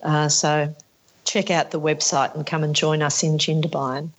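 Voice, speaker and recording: A woman with a fairly low voice chats on a casual panel. She talks enthusiastically and loves telling a story. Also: little pitch movement, normal speed. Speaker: event organizer.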